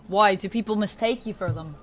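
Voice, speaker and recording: Speaking into a desk streaming mic at medium pitch, a woman livestreamer chats casually and upbeat with her viewers, thanking them and reading their chat messages aloud.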